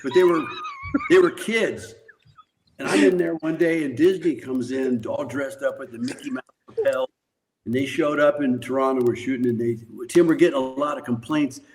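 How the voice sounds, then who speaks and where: Older male guest, mid-pitch, rambling profane storyteller who laughs a lot. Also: sing-song, moderate pace, a little mellow, rough recording. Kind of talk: casual storytelling.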